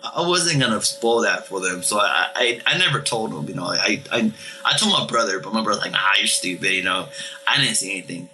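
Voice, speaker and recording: A man calling in to tell a ghost story in a casual, halting way, often repeating words and restarting sentences. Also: lowish voice, expressive, pushed and bright, soft background music, rough recording. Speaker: caller telling ghost stories.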